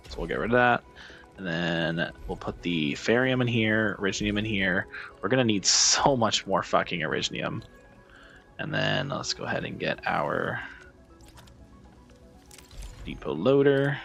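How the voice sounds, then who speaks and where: Gravelly low-voiced man muttering through a game. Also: animated, moderate pace, pauses often, fairly bright tone, faint music behind. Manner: self-deprecating, swearing, frustrated muttering. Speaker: gaming streamer. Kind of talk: casual gameplay commentary.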